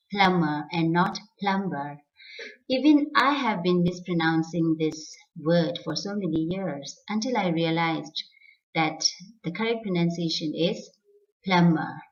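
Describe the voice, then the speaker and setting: A middle-aged woman teacher, a native Tibetan speaker, giving a careful pronunciation lesson and repeating each word for practice. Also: on the low side. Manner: slow, careful, repeats words for drill. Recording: distant, dull lo-fi sound.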